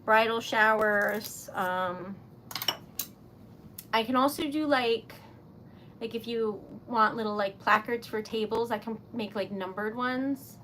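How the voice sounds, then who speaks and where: A woman's voice: fairly high pitch, slow pace, noisy background. A woman chatting on a livestream about her small craft business, giggling often and filling her talk with likes and ums. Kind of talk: casual livestream chat.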